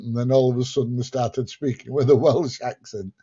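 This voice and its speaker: A man's voice: mid-range voice, brisk, warm tone, slightly rough. Guy doing a chatty sunday stream, answering viewers, kinda dull muffled audio. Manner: reads out viewer questions and answers them plainly. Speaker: livestream host answering chat. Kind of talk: casual chat.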